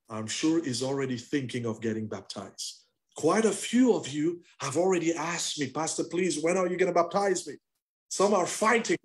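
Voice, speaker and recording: Animated high-voiced preacher man. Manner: animated, call-and-response preaching. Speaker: pastor. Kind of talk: sermon. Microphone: video call.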